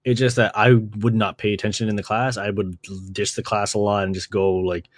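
A young man from Canada hosting a podcast, telling stories in a casual chat, swearing often and acting out quotes in a higher voice. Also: level tone, fairly quick, no room sound, studio quality. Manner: laid-back, swears a lot, acts out quotes with a jump in pitch. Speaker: podcast host.

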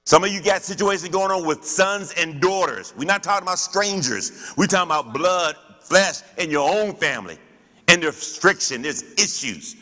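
A man's voice: sits high, lively intonation, moderate pace, sharp tone, big-room sound. A man teaching as a pastor in church, preaching with rhetorical questions and call-and-response.

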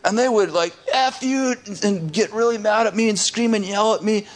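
Animated laughing storyteller, a man. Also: high voice, moderate pace. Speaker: pastor. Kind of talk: storytelling on a podcast.

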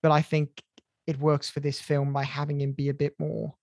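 A co-host of a podcast speaking in casual chat, measured and gently teasing, with stumbling restarts. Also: mid-range voice, monotone, no room sound, clean studio sound. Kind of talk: casual film review chat.

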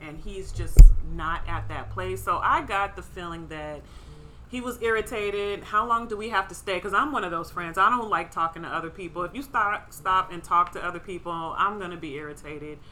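A woman's voice: on the low side, moderate pace, bright, forceful tone, a little hiss or hum, poor audio. A woman co-hosting a casual podcast chat, talking bluntly and laughing often. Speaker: podcast co-host.

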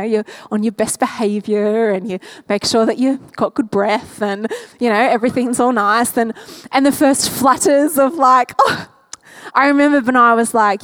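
A woman, preaching a sermon in a chatty, animated way, acting out quotes and laughing often. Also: on the high side.

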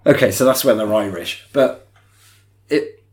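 This podcast co-host has a lowish, somewhat dark voice and speaks a little slowly. In a chatty film-review conversation, he walks through the movie scene by scene, voicing the characters' lines as he quotes them.

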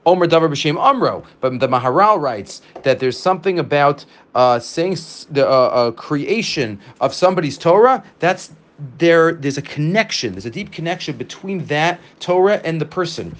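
Man giving a lively Talmud class. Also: a little high. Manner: reads Aramaic lines then explains them in English, with many restarts. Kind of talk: casual Talmud lesson.

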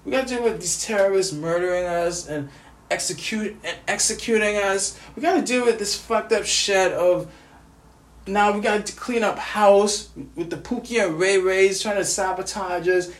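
A man's voice: high-pitched, moderate pace, echoey room. An angry, grieving man from the United States vents in a profane vlog rant, stammering and repeating himself. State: grieving, furious.

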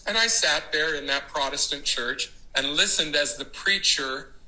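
A man giving a devotional talk, spinning a story with big dramatic swings in his voice. His tone is very bright and pointed, and his pitch sits a bit high. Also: a little slow, poor audio. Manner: dramatic, animated storytelling with acted-out quotes. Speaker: church leader giving a talk.

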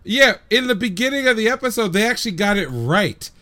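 A man's voice: high-pitched, sing-song, fairly quick, bright, forceful tone. A man co-hosting an anime podcast, casually talking through his reasoning point by point. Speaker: podcast co-host. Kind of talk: casual chat, anime review.

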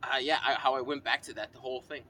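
A man's voice: mid-range voice, fairly even intonation, quick pace, bright, forceful tone, slight background noise. A man chatting casually in a car, rambling and swearing in a laid-back way. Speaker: podcast co-host. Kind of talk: casual chat.

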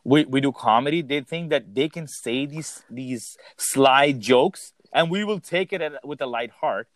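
A man's voice: mid-range voice, measured pace, no echo. A man, a comedian, chiming in emphatically during a casual chat with a fellow comic. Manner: emphatic, agreeable interjections.

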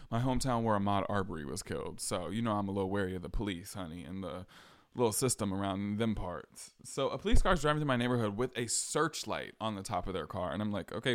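A young adult man hosting a podcast, telling a personal story in a casual, sassy way with slang asides. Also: fairly low pitch. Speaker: podcast host.

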